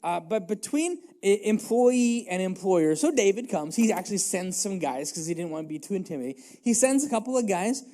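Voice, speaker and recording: A man's voice: sits high, expressive, a little fast, few pauses, mellow. A man preaching a casual, humorous sermon as pastor, rambling with many fillers, restarts and jokes.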